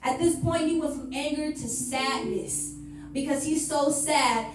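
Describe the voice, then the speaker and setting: A woman's voice: high voice, a little slow, background noise. A woman preaching a sermon in a sarcastic way, slipping into mock voices of churchgoers. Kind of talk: sermon with mocking role-play. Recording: echoey hall, heard from far off, music behind.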